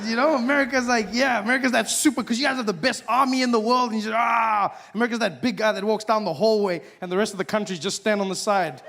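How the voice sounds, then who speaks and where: A man performing a stand-up comedy set in a live venue, playful and acting out characters with sudden shouted outbursts. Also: high voice, steady tone, fast, gravelly, hardly any pauses. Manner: playful, acts out characters with loud shouted bits.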